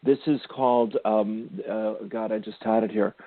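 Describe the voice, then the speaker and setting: A man hosting a spiritual radio show, gently counseling a caller and calling her darling and sweetie. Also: lowish voice, fairly even intonation, moderate pace, dry recording. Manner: gentle, affectionate, calls listeners darling and sweetie. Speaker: spiritual intuitive radio host. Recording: tinny phone-line sound, dry.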